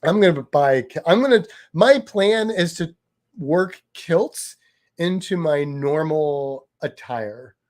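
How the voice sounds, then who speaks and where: A man co-hosting a relaxed chat show, rambling along with frequent restarts and self-corrections. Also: on the high side, slow. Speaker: podcast co-host. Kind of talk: casual chat.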